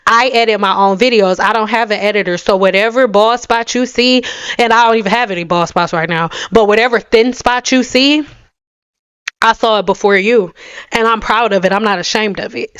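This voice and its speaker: A young woman vlogs to her camera in a slightly high, very smooth and resonant voice. She is blunt and sassy and leans hard on her words. The sound is dry and close, with no room echo. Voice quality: playful mocking voices. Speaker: hair care vlogger. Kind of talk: direct-to-camera rant.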